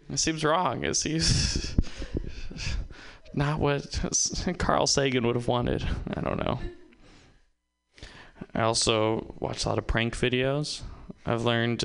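Guy doing standup at an open mic, bright crisp voice, rambly and self-mocking. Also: a little high. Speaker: stand-up comedian. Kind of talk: stand-up comedy set. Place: open-mic comedy venue.

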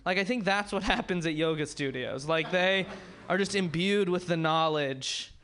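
A man's voice: high-pitched, normal speed, a bit bright, a little hiss or hum. A man in his twenties doing a rambling, self-mocking stand-up set, talking to the crowd. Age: 20s. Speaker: stand-up comedian. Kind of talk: stand-up set at an open mic.

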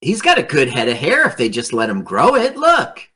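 A man's voice: medium pitch, wildly swooping pitch, a little fast, bright, forceful tone, slightly rough. A man casually joking with a co-host over an old film, asking questions and putting on silly voices. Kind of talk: casual banter over a movie.

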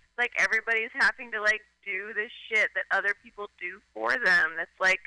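A woman's voice: mid-range voice, fairly even intonation, brisk, bright, forceful tone, no echo. A woman calling in to a radio show, talking in a rambling, casual way with lots of "like" and acted-out voices. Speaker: phone-in guest. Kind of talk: casual chat. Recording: tinny phone line.

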